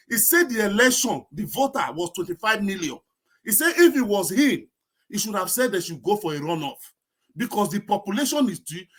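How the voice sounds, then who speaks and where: A Nigerian man with a high-pitched voice talks in a casual political discussion. He sounds emphatic and worn out, and he drops into Pidgin now and then. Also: a bit bright.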